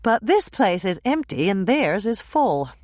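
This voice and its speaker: A woman's voice: mid-range voice, big pitch swings, measured pace, a little mellow, dry recording, studio quality, pitched above the performer's own voice. A woman voicing a practical woman bakery owner, speaking in a wry, matter-of-fact way.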